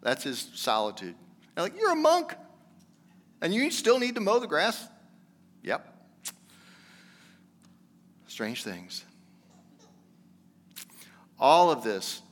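Bright-voiced pastor preaching in a reverberant hall. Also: male voice, medium pitch. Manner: conversational, earnest preaching that builds to emphatic exhortation. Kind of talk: sermon.

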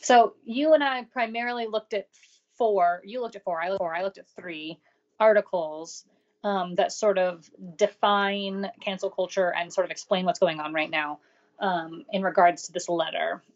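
A woman co-hosts a podcast and also owns a business, chatting casually with a dry, sarcastic edge. Her voice is medium in pitch and normal in speed, and the recording has its highs cut off.

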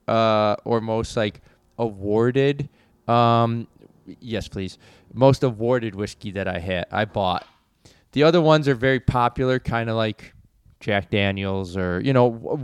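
Joking podcast guy, crisp dry sound. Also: medium pitch, no room sound. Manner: loose, joking, talks fast in bursts with many fillers. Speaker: podcast co-host. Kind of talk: casual chat. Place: indoor room.

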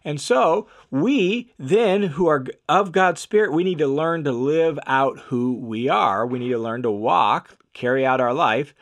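A man's voice: on the high side, animated, unhurried, hardly any pauses. A man teaching scripture on a podcast, emphatic and repeating key phrases for stress.

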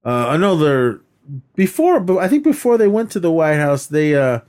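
A man's voice: a little high, sing-song, normal speed, darkish tone. A man co-hosting a podcast, casually recapping a film in a rambling way, acting out quoted lines and laughing as he goes. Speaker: podcast co-host. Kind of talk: casual movie recap chat.

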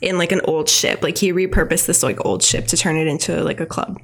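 A woman in casual chat, retelling a cartoon episode, saying "like" a lot and jumping up in pitch when she acts out the characters. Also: brisk, a bit bright. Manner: chatty, heavy use of "like", acts out voices with big pitch jumps. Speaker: podcast co-host recapping a cartoon episode.

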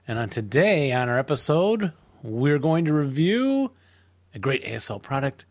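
A man's voice: mid-range voice, very animated, normal speed, dry recording. Dry-sounding playful male podcast host. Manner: playful, hammy announcer-style intros. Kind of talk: casual podcast banter.

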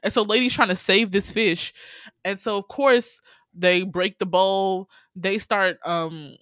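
A woman in casual chat, recapping a movie with lively, profane asides and outraged reactions. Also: slow, dry recording, studio quality. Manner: animated, swears freely, acts out her own outraged reactions in a high voice. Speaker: podcast co-host.

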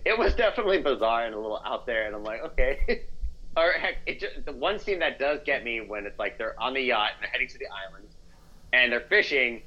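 Lively bright-voiced man on a dull line. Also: fairly high pitch. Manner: animated, giggly, enthusiastic. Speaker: podcast co-host. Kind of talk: casual podcast chat.

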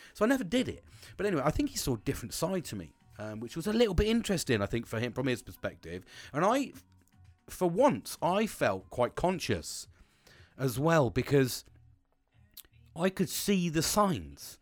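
A man's voice: fairly high pitch, very animated, normal speed, dry recording. A man in his forties, hosting a casual podcast monologue in a rambling, sweary, self-mocking way. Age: 40s.

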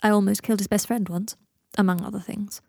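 A woman's voice: mid-range voice, fairly even intonation, fast talker, gravelly, darkish tone, no room sound. A woman voicing a weary young wizard who is dying, with dry, theatrical banter. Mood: glum.

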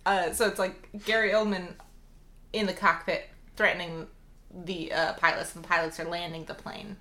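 A woman co-hosting a casual movie review podcast, animated and acting out her reactions. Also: on the low side, normal speed. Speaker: podcast co-host.

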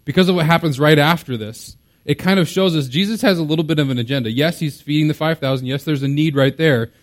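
A man's voice: fairly high pitch, fast. A man preaching a sermon as a pastor, in a conversational, explaining way with casual fillers.

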